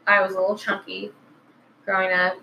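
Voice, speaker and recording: A woman's voice: medium pitch, completely flat delivery, brisk, gravelly, pushed and bright, a little hiss or hum, poor audio. A woman hosting a casual podcast chat, talking in a slangy, chatty way with lots of filler words. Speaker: podcast host.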